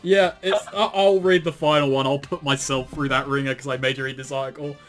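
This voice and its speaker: A man's voice: mid-range voice, fairly even intonation, fairly quick, fairly bright tone, faint music behind. A man co-hosting a casual commentary show, reading aloud and mocking it with sardonic asides, frequent swearing and laughter. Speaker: commentary co-host.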